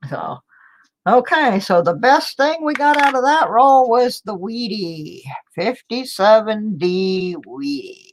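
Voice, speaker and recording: A woman's voice: fairly high pitch, expressive, slow pace. A middle-aged woman chatting casually to viewers from home, rambling and laughing a little as she sorts coins. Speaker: coin roll hunting vlogger. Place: home, indoors.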